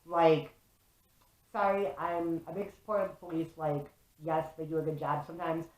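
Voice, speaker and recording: A young woman telling a story to camera in a casual, animated way, swearing freely and saying "like" a lot. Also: low-pitched, normal speed. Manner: animated, swears often, fills with "like". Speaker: vlogger. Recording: echoey room.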